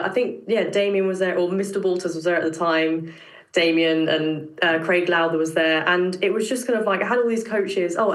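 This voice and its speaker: A woman's voice: lowish voice, reverberant. A young woman from Britain, a tumbler, chatting as a podcast guest, full of "like" and restarts. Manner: chatty, many fillers and restarts. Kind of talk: casual interview chat.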